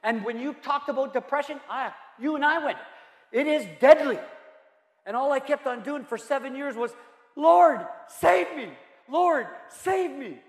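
A man's voice: very high voice, moderate pace. A male pastor preaching a sermon, emphatic and repetitive, asking the room rhetorical questions. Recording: roomy hall reverb.

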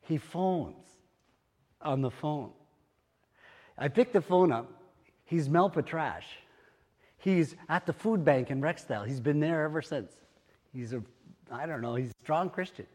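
An older man preaching a sermon as pastor, telling stories in an animated way that rises to excited exclamations, in a church hall. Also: on the high side, a little slow, long pauses. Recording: long hall reverb.

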